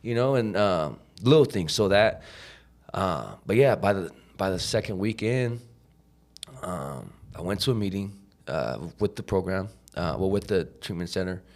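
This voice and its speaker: A man's voice: low-pitched, expressive, normal speed, darkish tone. A man, a podcast guest, telling his story in a casual, profane, slangy way, full of "like" and "you know," acting out the people he quotes.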